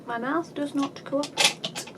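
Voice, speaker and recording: A high-pitched woman talks through her makeup tutorial in a loose, chatty way. She is self-deprecating and slips into dry sarcasm. A clear hum of background noise sits under the home recording. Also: measured pace. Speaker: beauty vlogger. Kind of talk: casual makeup tutorial chat.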